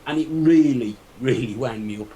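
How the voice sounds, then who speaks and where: A man's voice: medium pitch, normal speed, warm tone, a little hiss or hum, low-quality recording. A man on a chat panel, blunt and exasperated as he rants. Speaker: panel guest.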